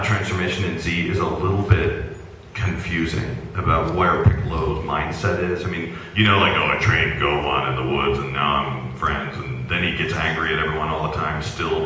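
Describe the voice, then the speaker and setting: A man, a voice actor, chatting casually and jokingly on a convention panel, with plenty of fillers. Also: deep voice. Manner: relaxed and joking, with many fillers. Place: large convention panel hall with an audience. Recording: echoey hall taped from far off, noisy.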